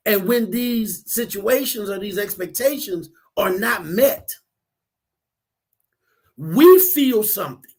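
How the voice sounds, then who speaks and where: A man's voice: high voice, animated, slow, long pauses, a little mellow, slightly rough. A counselor on a radio talk show who tells a parable and often repeats words as he starts a sentence. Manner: storytelling, acts out voices in a parable.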